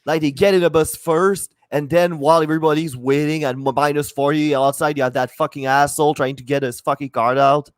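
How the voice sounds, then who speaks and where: A man co-hosting a live comedy show, ranting with heavy swearing and deadpan jabs. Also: fairly high pitch, fairly quick, hardly any pauses, dry recording, studio quality. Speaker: comedy podcast co-host. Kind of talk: casual banter.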